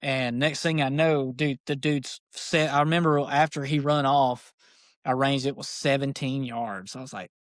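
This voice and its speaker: A man, a podcast guest, tells a story in casual, excited, rambling speech, full of fillers like "dude". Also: medium pitch, normal speed, dry recording, studio quality. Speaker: podcast guest, archery shop owner.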